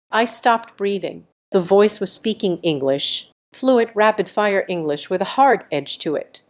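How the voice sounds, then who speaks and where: A woman narrating a scripted first-person story in a steady, measured way. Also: mid-range voice.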